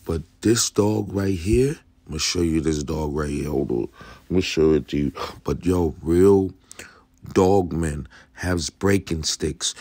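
Gruff, profane man ranting about dogs. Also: low voice, a little mellow, no room sound. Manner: blunt, profane, street slang. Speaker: dog channel host. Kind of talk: casual commentary reacting to a video.

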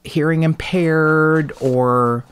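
A woman's voice: low voice, fairly even intonation, extremely slow, smooth. A woman hosting a podcast, talking in a chatty, self-mocking way that mixes in swearing. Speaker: podcast host. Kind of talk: casual chat.

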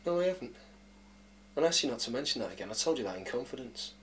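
A man playing a brusque, touchy young flatmate. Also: medium pitch, quick pace, natural voice. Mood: blunt. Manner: brusque, defensive. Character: touchy young man sharing a London flat. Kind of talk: naturalistic indie film acting.

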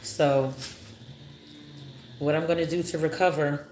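A woman's voice: sits low, fairly even intonation, a little slow, a little hiss or hum. A woman chatting casually to her viewers while she cooks, calling them y'all. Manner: chatty, talks to viewers as y'all, grows frustrated. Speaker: cooking vlogger. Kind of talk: casual cooking vlog. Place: home kitchen. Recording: echoey kitchen with loud frying. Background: sizzling pan.

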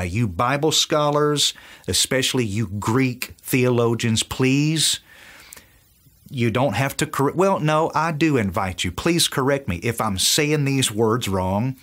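A man's voice: medium pitch, a bit bright. A man with a Southern US accent, teaching from the Bible with enthusiasm and acting out the dialogue. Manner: enthusiastic, acts out quoted dialogue. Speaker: preacher.

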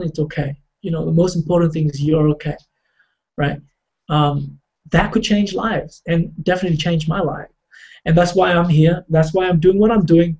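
A man telling a personal story in a halting, reflective way, with many fillers and restarts. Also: a little high, darkish tone, muffled recording.

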